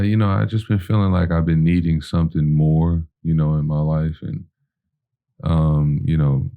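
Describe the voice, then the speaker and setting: Very deep, gravelly-voiced man telling a story. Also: mellow. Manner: rambling, full of "you know" and "like", acting out quoted dialogue. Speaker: podcast guest. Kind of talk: casual podcast storytelling.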